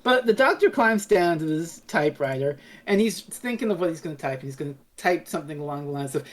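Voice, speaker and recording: A woman co-hosting a casual review podcast, retelling scenes and acting out lines in quick voices. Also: low-pitched, lively intonation. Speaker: podcast co-host.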